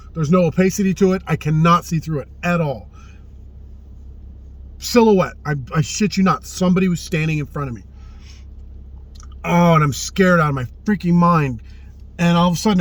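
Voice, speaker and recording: A man with a high-sitting voice tells a personal story in a casual, earnest way. He often drops to a hushed, subdued tone, swears freely, and repeats phrases for emphasis.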